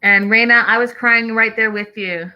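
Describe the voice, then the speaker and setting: A woman's voice: fairly high pitch, fairly even intonation, moderate pace, smooth, lo-fi sound. A woman host talking casually through a reality show recap, reading out live chat messages as she goes.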